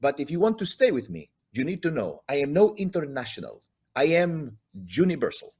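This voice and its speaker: A man's voice: a little high, big pitch swings, brisk, a little mellow, husky, exaggerated voice. A man doing an impression of a grandiose older male crooner who speaks in short, clipped, self-assured phrases.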